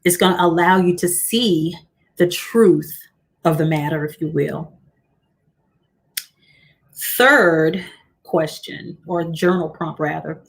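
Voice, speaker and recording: A woman with a slightly low voice leads a motivational livestream as a coach. She speaks encouragingly and slows down to repeat her key lines. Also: creaky. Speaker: host and coach.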